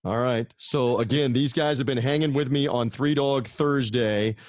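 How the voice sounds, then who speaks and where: A man's voice: mid-range voice, steady tone, normal speed, dry recording, studio quality. A man hosting a sports talk podcast over a video call, upbeat and busy plugging his guests' shows. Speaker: podcast host.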